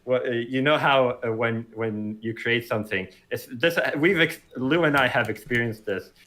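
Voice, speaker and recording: A man's voice: mid-range voice, normal speed, pushed and bright. A man co-hosting a podcast, rambling casually with many fillers. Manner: rambling, lots of "like" and "uh". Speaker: co-host.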